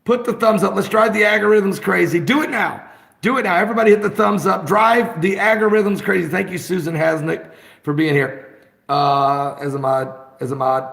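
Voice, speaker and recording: A man hosting an off-the-cuff live broadcast from his phone, rambling and excitable, bursting into shouts. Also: sits high, moderate pace, creaky, echoey room. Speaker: host of an online live broadcast.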